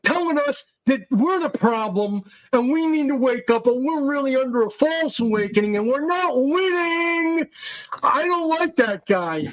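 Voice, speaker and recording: A man's voice: very high-pitched, animated, a little slow, fairly bright tone, no echo, pitched above the performer's own voice, exaggerated voice, low-quality recording. A man voicing a whiny, dismissive male follower in a mocking, sneering tone. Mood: mocking whine.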